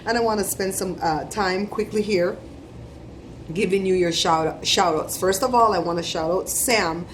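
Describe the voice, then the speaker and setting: A middle-aged woman vlogger giving chatty, animated shout-outs to her viewers. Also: mid-range voice, normal speed, slight background noise. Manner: chatty, animated storytelling with laughs.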